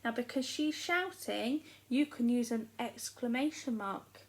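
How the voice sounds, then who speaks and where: A young woman with an English accent teaches small children in a recorded lesson. Her voice sits high, and she explains slowly and clearly in an encouraging tone. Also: low-quality recording. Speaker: primary school teacher.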